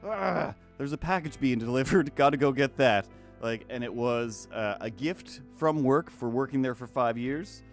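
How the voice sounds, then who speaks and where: A man's voice: mid-range voice, normal speed, hardly any pauses, faint music behind. A man rambling casually as he draws on a live stream, self-deprecating and loose, full of fillers and restarts. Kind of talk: casual rambling chat while drawing.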